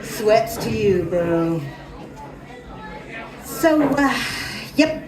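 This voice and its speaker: A woman performing live improv comedy, slow and deadpan. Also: medium pitch, distant mic. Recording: roomy bar recording. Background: audience crowd.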